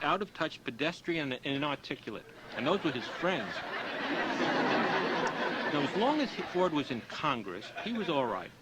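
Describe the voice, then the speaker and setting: A man's voice: mid-range voice, a bit bright, a little hiss or hum, poor audio. A man giving a lecture full of anecdotes, who tells his stories and raises his voice for the punchlines. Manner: storytelling, acts out punchlines with raised voice. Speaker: author giving a talk.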